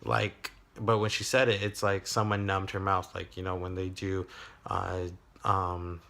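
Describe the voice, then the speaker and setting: A young man, telling a personal story in a video diary, halting, with many fillers and restarts. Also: deep voice, monotone, creaky, sharp tone. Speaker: vlogger.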